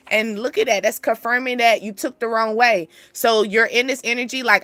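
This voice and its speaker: A young woman hosting a casual spiritual reading, chatty and animated, laughing often. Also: a little high, normal speed, hardly any pauses, no room sound. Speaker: spiritual channel host giving a reading.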